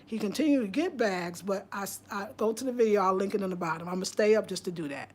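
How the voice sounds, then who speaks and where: A woman's voice: mid-range voice, fast talker. A woman from Albany with a New York accent, hosting a casual livestream and chatting loosely with viewers, often restarting and trailing off. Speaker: livestream host. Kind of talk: casual livestream chat reading viewer comments.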